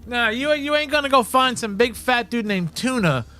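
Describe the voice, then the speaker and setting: A man's voice: very high-pitched, expressive, moderate pace, pushed and bright, soft background music. A man co-hosting a podcast, joking and swearing, laughing often in casual chat. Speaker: podcast co-host.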